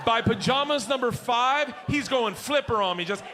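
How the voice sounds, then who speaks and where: A middle-aged man doing stand-up on a comedy club stage, telling stories loudly and shouting his punchlines. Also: extremely high pitch, moderate pace. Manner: loud, animated storytelling with shouted punchlines. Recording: live stage recording with clear audience noise. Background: audience laughter.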